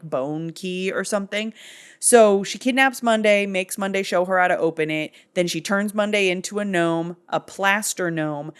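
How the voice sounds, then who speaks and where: A woman's voice: low voice, smooth. Sleepy woman joking through a movie recap. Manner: rambling, joking asides. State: sleepy late at night. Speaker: video host.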